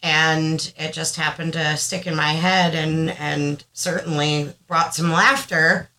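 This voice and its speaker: A woman's voice: deep voice, takes it slowly, poor audio. A woman co-hosting a casual podcast, telling a story with lots of laughter. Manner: animated storyteller, laughs often. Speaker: podcast co-host. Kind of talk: casual chat.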